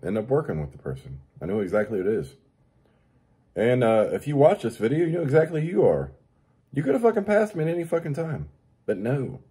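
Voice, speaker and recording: His pitch swoops wildly as this show host rants at a fairly quick pace, his warm voice carrying a breathy edge. The comedy is profane, with nonstop cursing about daily annoyances and mocking high-voiced impressions of other people.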